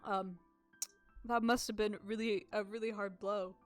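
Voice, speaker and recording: A woman's voice: medium pitch, little pitch movement, unhurried, faint music behind. A young woman chatting casually while playing a visual novel, giggly and easygoing. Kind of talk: casual let's-play banter.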